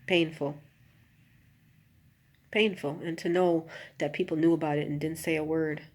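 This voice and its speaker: A woman's voice: low voice, level tone, fairly quick. A woman telling personal stories in a confessional vlog, talking straight to her viewers with many asides and turning emotional. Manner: emotional, rising to an anguished near-shout, then subdued. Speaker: vlogger.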